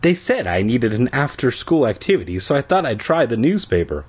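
A man voicing a calm, soft-spoken schoolgirl. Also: mid-range voice, a little fast, husky.

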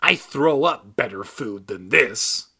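Man doing a raspy, snide ventriloquist dummy. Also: medium pitch, expressive, takes it slowly, sharp tone, heavily acted. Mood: sneering. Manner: snide insult jokes. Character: rude wisecracking male ventriloquist dummy.

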